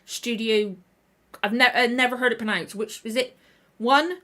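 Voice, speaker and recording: On her casual livestream, a reaction channel host, worn out and slightly sore in the throat, rambles and keeps self-correcting. Her voice sits on the high side, a bit bright, at a moderate pace.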